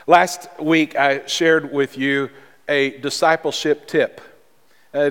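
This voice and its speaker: A man preaching a sermon as pastor, in a measured, earnest way with emphatic pauses. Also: mid-range voice, a bit bright. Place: church sanctuary. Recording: long reverb of a large hall.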